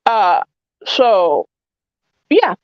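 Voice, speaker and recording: A woman's voice: medium pitch, big pitch swings, drawn-out words, dry recording, lo-fi sound. A woman with a Southern accent co-hosting a casual live stream, talking bluntly and emphatically, often repeating herself. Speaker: co-host.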